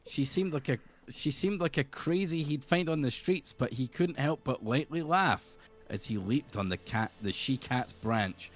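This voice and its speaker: A man's voice: medium pitch, unhurried, soft background music. A young man amusedly reading aloud his own old role-play narration, chuckling as he goes.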